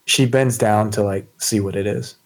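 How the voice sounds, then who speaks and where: A man's voice: fairly low pitch, fairly even intonation, normal speed, reverberant, rough recording. A man playing a tabletop role-playing game, describing what his character does, rambling and saying "like" a lot. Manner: rambling, heavy use of "like". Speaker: player.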